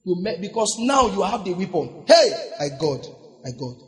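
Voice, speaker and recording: A man with a Nigerian English accent preaching a lively sermon, acting out scenes, laughing and shouting at the peaks. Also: high voice, moderate pace, big-room sound. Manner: animated, acts out scenes, laughs, shouts at climaxes. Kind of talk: lively sermon with congregation banter.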